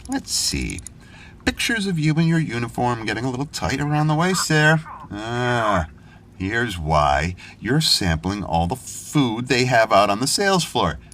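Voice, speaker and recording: Fussy, excitable man in an audio drama. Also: mid-range voice, unhurried, slight background noise. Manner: excitable, fussy, talks to himself. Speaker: corporate assistant character.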